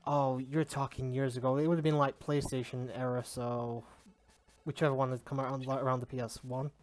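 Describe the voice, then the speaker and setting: A man with a broad Sheffield Yorkshire accent chats loosely during a game stream at a middle pitch. He swears freely and jokes at his own expense. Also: flat delivery, fairly quick. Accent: Sheffield, Yorkshire English. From England. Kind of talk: casual gaming stream chat.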